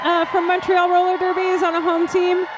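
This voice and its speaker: A woman announcing roller derby live, excitable and gushing. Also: very high voice, fairly quick, background noise. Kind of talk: live sports commentary.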